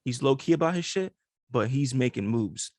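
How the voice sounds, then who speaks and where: Chill slangy dude on a podcast, mid voice, dry sound. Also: male voice, mid-range voice, moderate pace, no echo. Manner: relaxed, slangy, hypes up his co-host. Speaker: podcast co-host. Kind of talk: casual chat.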